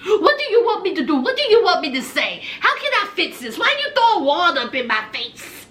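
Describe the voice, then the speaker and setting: A woman voicing a dismissive young man who talks in a flat, unbothered way. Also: high voice, brisk, distant mic. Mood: pleading. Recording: echoey room.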